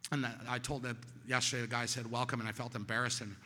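A middle-aged man stands before a meeting and tells his own story of recovery, swinging between loud bursts and quiet, low moments. His voice is very bright and cutting, and it rings out with a long reverb tail, as if he is in a large hall. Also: fast talker. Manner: animated storytelling with sudden loud peaks and quiet drops. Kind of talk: personal testimony to a meeting audience.

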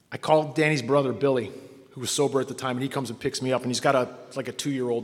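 A man from Cleveland telling his own recovery story to a meeting, wry and self-mocking, acting out the people he quotes. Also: medium pitch. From Cleveland, Ohio. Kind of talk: personal story told to an audience. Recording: long reverb from a hall.

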